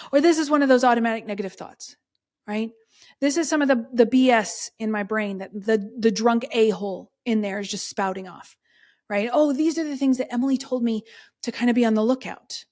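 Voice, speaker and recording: A woman's voice: fairly high pitch, a little mellow. Chatty woman coaching podcast listeners. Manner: candid, chatty, coaching listeners directly with frequent "right?". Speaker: podcast host. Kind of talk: casual solo podcast talk.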